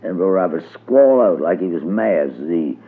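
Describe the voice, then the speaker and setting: A man reading a storybook tale aloud in a lilting, measured way, on a tinny old radio recording. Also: sits low, lively intonation, breathy edge. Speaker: narrator.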